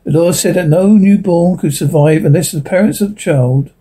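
A man reading a science fiction short story aloud as narrator in a steady storytelling manner. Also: high voice, moderate pace, slightly rough.

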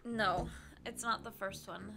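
A young woman streaming a video game, loudly and excitedly giving her partner step-by-step instructions and laughing often. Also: mid-range voice, measured pace, vocal fry, crowd noise. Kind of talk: casual gameplay chat.

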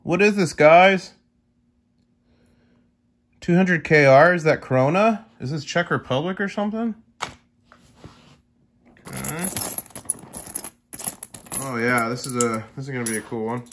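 A man's voice: on the high side, animated, measured pace, pauses often, fairly bright tone, a little hiss or hum. A young man in casual chat with his viewers, easily amazed and talking to them directly as he sorts through coins. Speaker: coin collecting vlogger.

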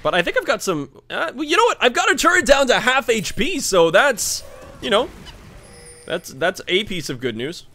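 A man talks over his own game in a high, bright voice that leaps all over its range. He mutters one moment and yells the next, swearing and laughing at his bad luck. A faint hiss sits under the desk-mic recording. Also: normal speed, soft background music. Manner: excitable, swings from muttering to yelling. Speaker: gaming YouTuber. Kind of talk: live gameplay commentary.

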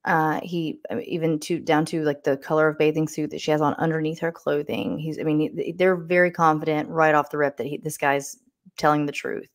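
Low-voiced woman telling a crime story. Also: level tone, a little fast. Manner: conversational, meandering with restarts. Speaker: podcast host. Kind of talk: casual true-crime storytelling.

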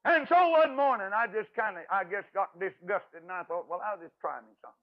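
Older preacher man, folksy and emphatic, kinda high voice, tinny radio sound. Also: fairly even intonation, brisk. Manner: folksy, emphatic, swings from loud to hushed. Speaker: evangelist preacher. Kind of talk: folksy storytelling sermon. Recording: tinny radio broadcast audio.

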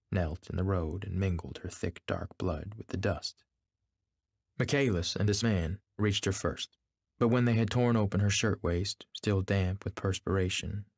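A man narrating a novel in a measured, steady reading. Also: low-pitched, no room sound, studio quality. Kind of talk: scripted narration.

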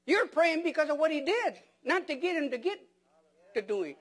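A man's voice: extremely high pitch, big pitch swings, moderate pace, fairly bright tone. A man preaching a sermon as pastor, firing rhetorical questions at the congregation and repeating words for emphasis.

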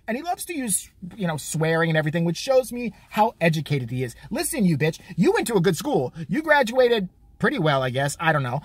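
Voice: mid-range voice, big pitch swings, husky. A vlogger delivering a crude, mocking, profane comedic rant. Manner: crude, mocking, fast-talking.

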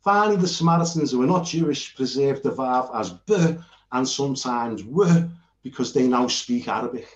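A British man talks through his notes in an informal, earnest lesson, rambling and often restarting mid-sentence. His voice sits at an ordinary middle pitch. The sound is roomy and somewhat dull, like a lo-fi home recording. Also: lively intonation, moderate pace. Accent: British English. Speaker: Bible teacher. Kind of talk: informal lecture while sharing notes on screen.

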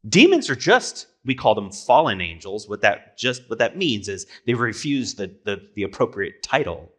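A man's voice: on the low side, big pitch swings, moderate pace, a bit bright. A man preaching a sermon as pastor, conversational, asking rhetorical questions and correcting himself.

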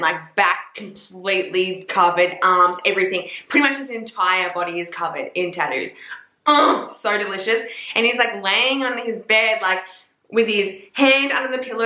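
In an echoey room, a young woman reviews books in a casual chat, gushing, swearing heavily, and leaning on "like" as a filler. Her mid-range voice comes across pushed and bright.

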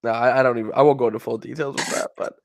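A man's voice: medium pitch, steady tone, rapid-fire, no echo, clean studio sound. Rambling young American man on a call. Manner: rambling storyteller who laughs at his own tales. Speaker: livestream guest. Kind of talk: casual chat over a voice call.

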